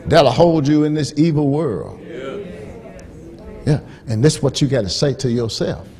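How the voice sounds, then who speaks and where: A man preaching a sermon as pastor, repeating key phrases and swinging from hushed storytelling to rising, emphatic shouts. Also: mid-range voice, lively intonation, normal speed.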